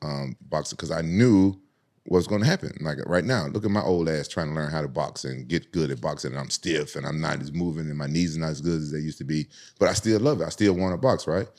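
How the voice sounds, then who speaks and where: Deep-voiced and a little mellow, this Southern American man in his forties talks at a quick clip as a podcast guest. The chat is casual, his storytelling animated, with frequent laughter and words said twice over.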